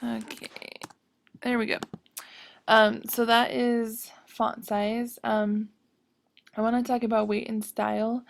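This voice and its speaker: A woman's voice: a little high, flat delivery, slow, gravelly, long pauses, no echo, studio quality. A woman teaching a screen-recorded web design tutorial, hesitant and full of ums as she thinks aloud while clicking.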